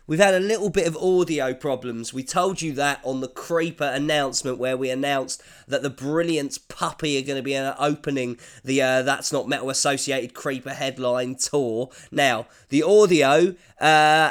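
A man's voice: mid-range voice, fairly bright tone, echoey room, distant mic. A man hosting a podcast, chatty and jokey, swearing freely. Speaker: podcast host. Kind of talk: casual podcast chat.

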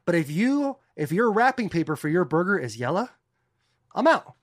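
Brief: crude, animated co-host from Arizona, voice swings widely, dry close mic. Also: male voice, sits high, normal speed, dry recording. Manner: animated, rambling storytelling with crude slang. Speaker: podcast co-host. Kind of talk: casual chat.

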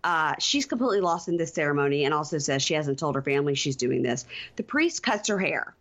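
A woman's voice: low-pitched, sing-song, brisk, fairly bright tone, highs cut off. A woman co-hosting a casual TV recap podcast, chatty and wry with mocking asides. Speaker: podcast co-host. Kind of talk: casual reality-TV recap chat.

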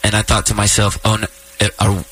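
A man's voice: fairly low pitch, completely flat delivery, brisk, a bit bright, breathy edge, low-quality recording. A man in his thirties, a radio host, telling a personal story in casual chat, choking up and laughing through tears.

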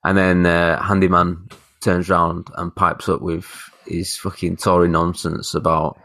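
A man's voice: low-pitched, flat delivery, measured pace, fairly bright tone, no room sound. A man, telling a rambling, sweary anecdote in casual chat as a podcast co-host. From northern England. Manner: rambling storyteller, swears, mimics people in his stories.

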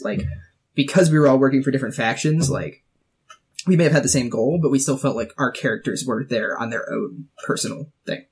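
A man's voice: mid-range voice, a little mellow, husky. A man in casual chat, retelling a tabletop game session with many fillers. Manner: lots of filler likes, storytelling. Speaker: tabletop role-playing player.

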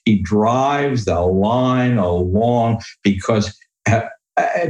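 A man's voice: on the low side, drawn-out words, a little mellow, reverberant, poor audio. A man being interviewed, talking in a hesitant, thoughtful way and reciting verse with feeling. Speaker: guest. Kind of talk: conversational interview.

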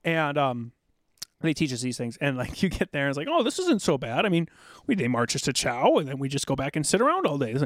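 A middle-aged man telling rambling, animated army stories in a casual podcast chat, now and then acting out drill sergeants. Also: medium pitch, fast talker, no room sound, clean studio sound. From South Dakota, USA. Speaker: podcast guest, military veteran.

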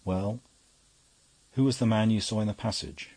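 A man voicing a steady, measured judge addressing a witness. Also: lowish voice, pitched above the performer's own voice. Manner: level, measured. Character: steady attentive older male judge.

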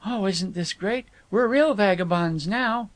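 A man's voice: sits high, measured pace, no room sound, pitched above the performer's own voice. A man reading an audiobook, voicing a moody, fretful young woman who scolds and complains in a raised voice. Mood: gleeful. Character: moody, petulant young woman, tired traveler.

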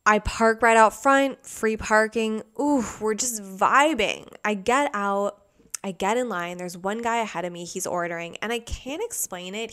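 Young woman, mid-pitched and smooth, chatty vlogger storytelling, lots of fillers. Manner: rambling, filler-heavy, animated retelling. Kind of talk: casual storytelling.

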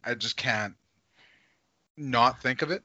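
A man's voice: mid-range voice, slow pace, sharp tone, no room sound. A man on a podcast panel, giving blunt, short opinions in a casual film chat. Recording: dull dry lo-fi podcast audio.

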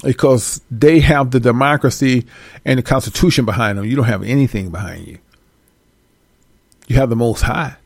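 A man giving an animated casual monologue to his viewers, swearing freely and laughing often. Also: mid-range voice, vocal fry, no room sound. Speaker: host.

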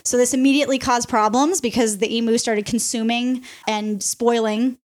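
A woman's voice: fairly high pitch, normal speed. Playful woman telling a story. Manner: animated, laughs often, playful asides to co-hosts. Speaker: podcast host telling a history story. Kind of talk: casual storytelling chat.

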